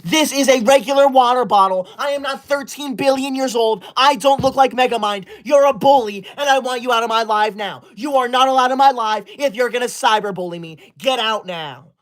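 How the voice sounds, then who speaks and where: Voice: medium pitch, fairly quick, hardly any pauses. A livestream host reading super chats aloud in a comedic bit, scolding viewers in a fussy, easily offended, school-loving persona.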